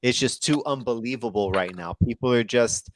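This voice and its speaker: A man's voice: medium pitch, moderate pace, slight background noise. A man co-hosting a casual panel, enthusiastic and hyping things up. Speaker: co-host, game developer.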